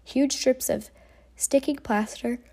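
A woman reading a memoir aloud in a measured storybook manner, dropping to a soft whisper at tense moments. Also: high-pitched, steady tone. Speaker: reader.

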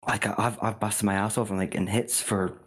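A man's voice: fairly low pitch, brisk, slightly rough. A man playing a tabletop game, chatting in character with lots of stammers and restarts. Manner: stammering, excitable, restarts often. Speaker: player.

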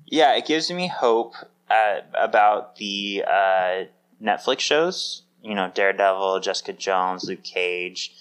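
A man's voice: lowish voice, lively intonation, slow pace, a bit bright, smooth. A man co-hosting a podcast in casual chat, talking in an upbeat, chatty way with lots of fillers. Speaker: podcast co-host.

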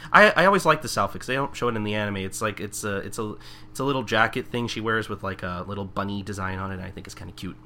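Rambling man with a bright voice. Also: on the low side, fast talker, a little hiss or hum. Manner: rambling, many fillers, lively. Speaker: podcast co-host. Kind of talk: casual manga recap chat.

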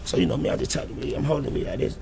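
A man in casual podcast chat, telling animated street stories full of profanity and talking over the others. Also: very fast, slight background noise. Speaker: podcast guest storyteller.

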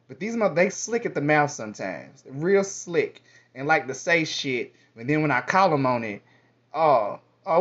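A man's voice: on the high side, fairly bright tone. A man speaking to the camera in a sassy, profane, rambling casual monologue. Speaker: vlogger. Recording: dull lo-fi audio.

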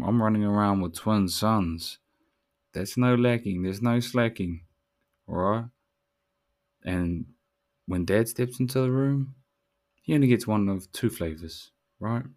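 On his own podcast, a man with a lowish voice talks at a measured pace, pausing often. His laid-back, slangy chat gradually turns reflective.

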